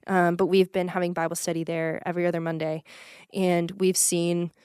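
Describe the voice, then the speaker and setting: Young woman guest, earnest and lively, smooth low-ish voice, dry close sound. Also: normal speed, dry recording. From Texas. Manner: earnest and animated, many ums. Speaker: ministry executive director, guest. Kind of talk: casual podcast interview.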